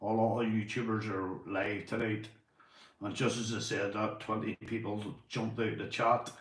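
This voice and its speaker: A man's voice: fairly low pitch, little pitch movement, moderate pace. Northern Irish male streamer, casual and repetitive, some swearing, echoey room. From Northern Ireland. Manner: rambling, repeats phrases, swears casually. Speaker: livestreamer. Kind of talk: casual livestream chat.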